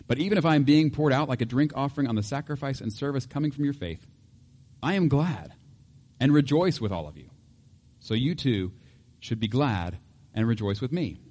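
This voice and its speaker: A man's voice: mid-range voice, a little mellow, long reverb tail. A male pastor preaching a conversational sermon, easygoing and chuckling often, with homely examples. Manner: conversational, laughs often, uses everyday examples.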